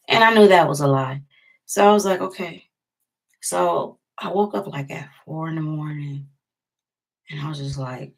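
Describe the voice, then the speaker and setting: A woman's voice: low voice, moderate pace, slightly rough. A woman telling a personal heartbreak story in a rambling, self-correcting way, sometimes dropping almost to a whisper. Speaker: vlogger. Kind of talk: storytime vlog.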